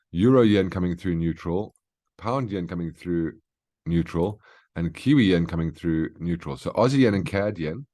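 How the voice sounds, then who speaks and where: Man, very low voice, trading chart walkthrough, keeps asking okay. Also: a little mellow. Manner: instructive, frequent "okay?" check-ins. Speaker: market analyst host.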